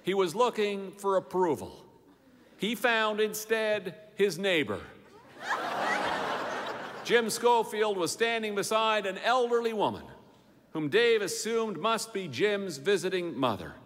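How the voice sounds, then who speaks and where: A man's voice: high voice, expressive, slow pace, a bit bright, slight background noise. A man reading a humorous story aloud with dry, wry narration. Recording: long hall reverb.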